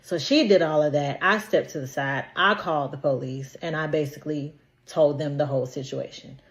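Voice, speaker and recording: Young woman, deep voice, emphatic storytelling, repeats for emphasis. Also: moderate pace, highs cut off. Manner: emphatic, repetitive recounting. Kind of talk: casual storytime.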